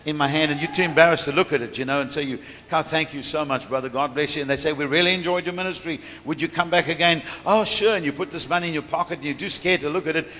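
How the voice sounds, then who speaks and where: Bright-voiced man preaching in a hall. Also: a little high, fairly even intonation, very fast, few pauses. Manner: storytelling with laughter. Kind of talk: sermon testimony. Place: large church hall. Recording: reverberant church hall, faint room noise.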